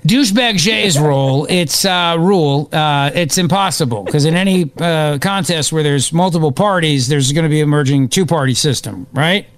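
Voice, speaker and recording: A man hosting live political talk radio, excitable and opinionated, rambling as he reacts to events. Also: fairly high pitch, normal speed, few pauses. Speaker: radio talk show host.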